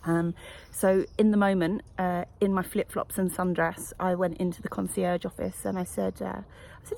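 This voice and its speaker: A woman's voice: on the low side, flat delivery, normal speed, creaky, darkish tone, slight background noise. A woman coach chatting casually to camera at a retreat, reflective and full of fillers. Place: wellness retreat.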